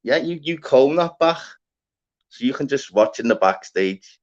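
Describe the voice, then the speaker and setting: A man hosting a live stream, chatting casually, shouting out viewers and swearing freely. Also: medium pitch, expressive, measured pace. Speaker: livestream host. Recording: dull lo-fi stream audio.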